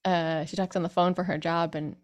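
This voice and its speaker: Friendly woman voice coach, a bit low-pitched, talks casually and demos sounds. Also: flat delivery, a little fast. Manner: chatty, demonstrates sung vowels. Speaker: vocal coach. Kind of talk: online group singing lesson.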